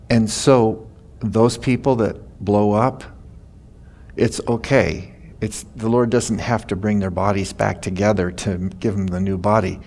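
Folksy, gravelly older preacher. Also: male voice, fairly low pitch, a little mellow. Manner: folksy storytelling, laughing at his own stories. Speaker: pastor. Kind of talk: sermon.

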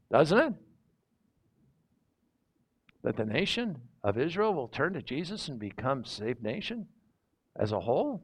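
A man teaching a sermon in a conversational way, reading scripture and asking his listeners rhetorical questions. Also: mid-range voice. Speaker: preacher.

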